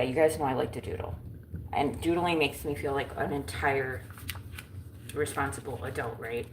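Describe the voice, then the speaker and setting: A woman with a deep voice hosts a casual livestream from home, chatting with viewers in a playful, self-mocking way. The recording is rough, with slight background noise.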